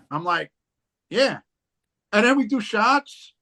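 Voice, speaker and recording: A man's voice: extremely high pitch, expressive, slow pace, long pauses, sharp tone. A man, a guest on a casual chat show, telling rambling stories full of fillers and swearing. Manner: rambling, profane storytelling with many fillers. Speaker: podcast guest, rapper.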